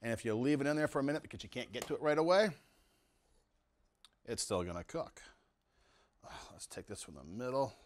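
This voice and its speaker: A man's voice: medium pitch, animated, rapid-fire, few pauses. Home cook host, middle-aged man, enthusiastic and chatty in his kitchen, savoring the food aloud. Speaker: home cooking show host. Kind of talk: casual cooking demonstration.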